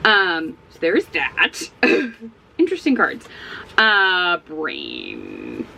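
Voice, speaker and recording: A woman's voice: lowish voice, drawn-out words, creaky, slight background noise, low-quality recording. A sleepy woman chatting casually at home in a book vlog, rambling and often breaking off mid-thought. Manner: rambling, self-interrupting, animated. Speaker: book vlogger. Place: at home with a barking dog nearby.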